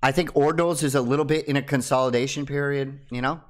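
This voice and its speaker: A young man talking casually to camera as a crypto YouTuber, teasing his viewers and dropping from loud bursts to hushed asides. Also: mid-range voice, fairly even intonation, fast talker.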